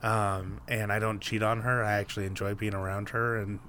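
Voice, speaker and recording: A man's voice: on the low side, flat delivery, fairly quick, bright, forceful tone. A man co-hosting a podcast, chatting casually with mumbled asides that trail off. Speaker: podcast co-host. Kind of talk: casual chat and read ad.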